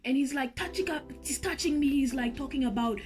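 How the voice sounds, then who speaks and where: A woman telling a story to her viewers in a lively, animated vlog, speaking straight to the audience. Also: sits high, brisk, faint music behind. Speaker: vlogger and singer.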